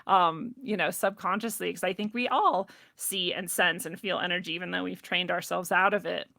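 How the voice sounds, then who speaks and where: Bright, animated woman telling a story. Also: lowish voice, moderate pace, creaky, no room sound. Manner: animated, laughs often, acts out what people said. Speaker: podcast guest. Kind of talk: casual personal storytelling.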